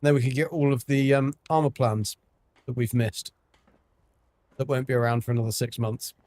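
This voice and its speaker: A man's voice: medium pitch, fairly even intonation, normal speed, darkish tone. A man from Devon, chatting casually on a game livestream, rambling with lots of ums. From England, Devon. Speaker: game streamer. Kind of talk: casual livestream chat while gaming.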